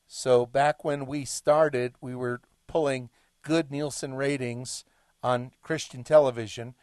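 Slow, deliberate male talk show host. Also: mid-range voice, steady tone, a little mellow, no room sound, clean studio sound. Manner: deliberate, emphatic, lecturing delivery. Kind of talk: monologue commentary.

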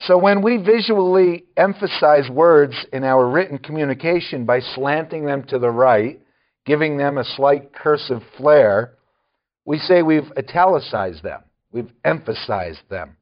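A man's voice: fairly high pitch, animated, unhurried, muffled recording. A man preaching a sermon, often chuckling and adding wry asides.

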